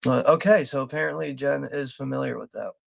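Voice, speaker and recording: Speaking briskly in a creaky, medium-pitched voice, this Philadelphia host keeps up profane, rambling live commentary at a movie watch party, laughing frequently. The recording has no echo.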